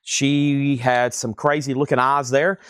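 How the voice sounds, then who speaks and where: A man's voice: mid-range voice, flat delivery, a bit bright, smooth, no room sound. A man hosting a live online record sale, rattling off titles and prices. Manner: brisk price-calling, chatty asides. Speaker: live-stream record seller. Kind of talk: live auction patter.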